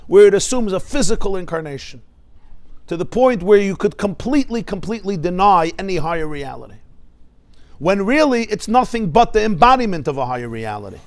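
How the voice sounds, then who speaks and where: Male rabbi teaching a class, slightly high-pitched, explanatory tone. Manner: explanatory, lively teaching with Hebrew terms and questions to listeners. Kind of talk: Torah lecture.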